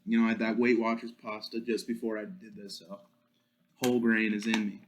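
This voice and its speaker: A man's voice: lowish voice, level tone, fairly quick, slight background noise. A young man hosting a solo podcast, ranting in a crude, profane, joking way. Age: young adult. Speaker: podcast host.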